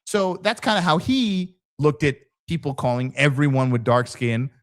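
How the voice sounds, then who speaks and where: A man's voice: a little high, animated, moderate pace. A man hosting a podcast in casual conversation, telling stories with animation and acting out the voices of people he quotes. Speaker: podcast host, former police officer.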